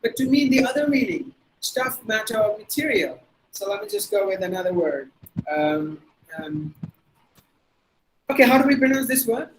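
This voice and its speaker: A man's voice: high-pitched, lively intonation, normal speed, long pauses, a little hiss or hum, low-quality recording. A man with a Tamil accent teaching pronunciation in an online webinar, spelling words out letter by letter and repeating them. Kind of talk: online lecture. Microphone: video call.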